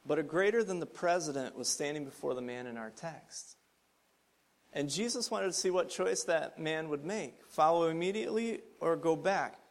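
A male pastor delivering a sermon in a slightly higher-than-usual voice. He speaks earnestly and conversationally, pressing hard on key lines and easing off into quiet asides. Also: expressive, normal speed. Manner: earnest, builds to emphatic points then drops soft.

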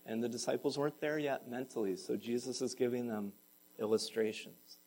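A male pastor preaching a sermon to his congregation, moving from calm explanation to raised, impassioned pleading. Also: mid-range voice, a little fast, poor audio.

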